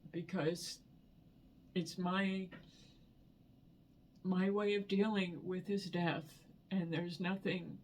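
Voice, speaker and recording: A woman talking in a personal vlog, soft and halting, repeating words, emotional and near tears. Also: on the low side, slight background noise. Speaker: vlogger.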